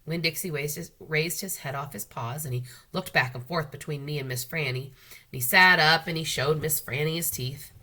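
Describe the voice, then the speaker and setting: A woman librarian reading a children's book aloud, with expressive, unhurried storytelling. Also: low-pitched.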